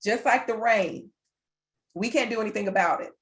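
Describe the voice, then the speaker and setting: A woman's voice: mid-range voice, normal speed. This is a woman presenting a workplace wellness session online. She talks through a computer mic in an earnest, encouraging tone. She builds her points by repeating phrases, one after another. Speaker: webinar presenter. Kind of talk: motivational webinar talk.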